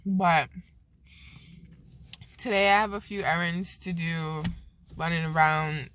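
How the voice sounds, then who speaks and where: A woman's voice: lowish voice, fairly even intonation, takes it slowly, fairly bright tone, clean tone. A Canadian woman vlogging casually from the snow and her car, chatty and self-mocking, laughing often. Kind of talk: casual vlog chat. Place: outdoors in snow, then in a car. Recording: noisy outdoor and car ambience.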